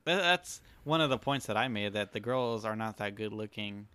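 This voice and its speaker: A man's voice: lowish voice, moderate pace, bright, forceful tone, clean tone, no room sound. A man co-hosting a casual anime review chat, rambling with many fillers and laughing easily. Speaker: podcast co-host.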